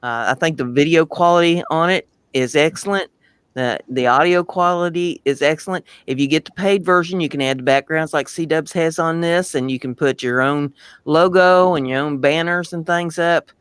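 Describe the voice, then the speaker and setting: A man's voice: on the high side, normal speed, a bit bright, clear, resonant tone, no echo. A man from Ohio with a rural Ohio accent, co-hosting a casual livestream chat in a folksy, teasing way and laughing easily.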